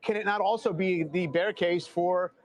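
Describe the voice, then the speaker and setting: Tv anchor guy, kinda high voice, asks long thoughtful questions. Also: fairly even intonation, normal speed. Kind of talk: TV interview.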